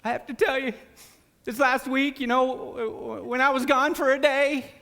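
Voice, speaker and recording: A man voicing an earnest young male student giving a halting, stammering testimony. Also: very high-pitched, steady tone, creaky, pushed and bright, big-room sound, voice pushed up, exaggerated voice.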